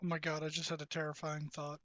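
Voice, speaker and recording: A man's voice: a little high, monotone, quick pace, a bit bright, no room sound. A man playing a tabletop game over voice chat, haggling playfully over prices. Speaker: player.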